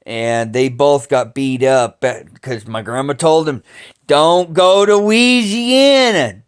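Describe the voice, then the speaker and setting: A man telling family stories in a slow, halting way, restarting sentences often and cursing casually. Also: mid-range voice, clean tone. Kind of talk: rambling family storytelling.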